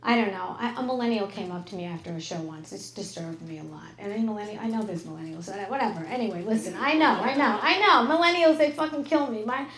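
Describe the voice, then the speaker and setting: A middle-aged woman performing a stand-up comedy set on a club stage into a handheld mic, brash and crude, with a deadpan delivery and exaggerated quoted voices. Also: mid-range voice, quick pace, few pauses. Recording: roomy club sound.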